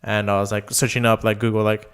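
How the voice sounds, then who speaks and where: Smooth-voiced young man telling stories. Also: lowish voice, little pitch movement, quick pace. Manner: rambling anecdotes full of fillers and acted-out quotes. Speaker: podcast co-host. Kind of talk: casual storytelling chat.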